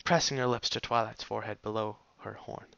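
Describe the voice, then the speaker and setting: Bright-voiced male fan fiction narrator. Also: fairly low pitch, fairly even intonation, fairly quick, gravelly, dry recording, dull audio. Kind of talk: audiobook reading of fan fiction.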